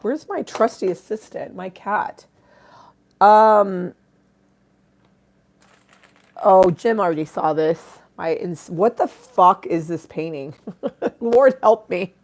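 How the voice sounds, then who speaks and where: A woman's voice: mid-range voice, takes it slowly, a little mellow. A woman chatting casually on a live stream, irreverent and self-mocking, swearing freely while she eats and drinks.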